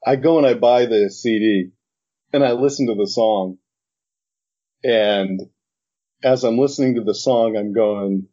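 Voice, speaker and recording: A middle-aged man recounts a rushed animation job in an interview, slipping into the other people's voices as he goes. His voice is dark and husky. The recording is dull and lo-fi. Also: fairly low pitch. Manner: animated storytelling, acts out both sides of the conversation. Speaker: animation director. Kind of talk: interview anecdote.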